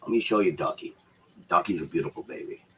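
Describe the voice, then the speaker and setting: Low-voiced, rambling man chatting on stream. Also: fast, slight background noise, rough recording. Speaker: livestreamer talking to chat. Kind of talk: casual livestream chat. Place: home room with shelves behind him. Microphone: computer setup with dual screens.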